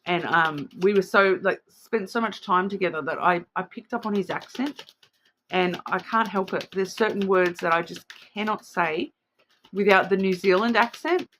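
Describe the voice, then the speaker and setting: A woman's voice: mid-range voice, normal speed, fairly bright tone, slight background noise. A woman with an Australian accent giving a casual spoken card reading, chatty and rambling, often checking in with the listener. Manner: chatty, rambling, keeps checking in with "all right?". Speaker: card reader.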